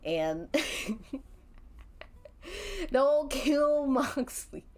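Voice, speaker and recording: A woman's voice: high voice, big pitch swings, drawn-out words, a little mellow. A woman streamer narrating an interactive story in a casual, rambling way, laughing often between lines.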